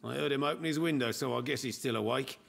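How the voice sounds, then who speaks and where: A gruff barkeeper for a game. His voice is gravelly, and he talks in a blunt, folksy way, mid-pitched and plain. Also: fast talker, fairly bright tone. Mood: gruff, chatty. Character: male barkeeper, chatty and gruff.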